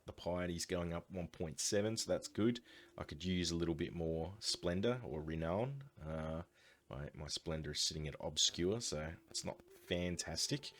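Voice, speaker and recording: A man giving casual, upbeat commentary as he plays a strategy game and thinks aloud. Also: deep voice. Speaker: let's play host.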